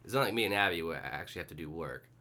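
A young man telling a story in casual podcast chat, animated, acting out the people in it. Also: racing. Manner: animated storyteller, mimics people in high voices. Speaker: podcast co-host.

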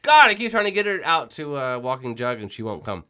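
A woman hosting a podcast, teasing her co-hosts and laughing often in casual chat. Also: very deep voice. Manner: teasing, excitable, quick to laugh. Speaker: podcast host.

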